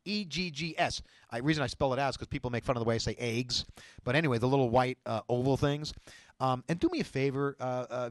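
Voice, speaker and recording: Middle-aged male host, casual and rambling, halting with fillers, mid-pitched, dry studio sound. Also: expressive, no room sound. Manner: rambling, chatty, many fillers and restarts. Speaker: show host giving diet advice. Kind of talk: casual talk to camera.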